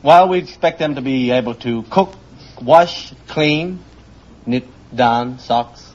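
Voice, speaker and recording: An Australian man on a quiz show, answering hesitantly and breaking into nervous laughs. His voice sits at an ordinary pitch. The old broadcast recording is dull and muffled, with a faint hiss behind him. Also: slow pace, darkish tone. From North Queensland, Australia.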